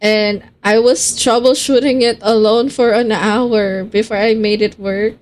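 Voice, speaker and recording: A woman's voice: on the high side, steady tone, measured pace. A woman streamer chatting casually with her viewers on a live stream, swearing freely as she talks.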